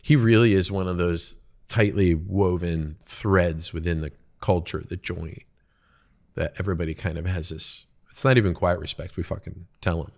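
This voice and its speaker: A man's voice: deep voice, fairly even intonation, normal speed, gravelly, darkish tone. A man hosting a podcast, talking casually about work and the people he works with, trailing off and restarting his thoughts as he goes. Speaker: podcast host. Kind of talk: casual conversation.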